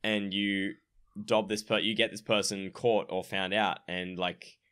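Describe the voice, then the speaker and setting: A laid-back man co-hosting a gaming podcast, with a low voice that still sounds bright and forceful. He chats casually and swears along the way. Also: flat delivery, measured pace, clean tone. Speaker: podcast co-host.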